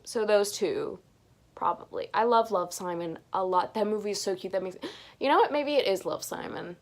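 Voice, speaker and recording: A woman's voice: mid-range voice, moderate pace. A young woman answering viewer questions in a casual chat, rambling and gushing, with frequent restarts. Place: home bedroom.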